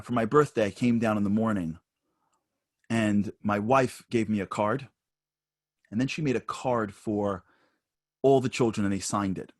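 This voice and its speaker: A man giving a spoken lesson at an online seminar, telling personal stories and growing higher and louder as he gets animated. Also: dry recording, studio quality. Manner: storytelling, rising higher and louder when animated.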